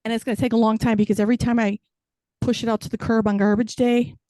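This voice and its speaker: This is a woman in her fifties working a stand-up set, landing self-deprecating jokes with a wry edge. Her voice sits slightly high for a woman. The sound is close and dry, with no room around it. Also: level tone, fast, dark tone, no room sound. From United States. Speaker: stand-up comic.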